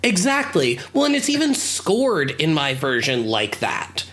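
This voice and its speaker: Bright voice, mid pitch, loose sweary chatter with fillers. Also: huge pitch swings, measured pace. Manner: casual, swears freely, filler-heavy. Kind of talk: casual chat.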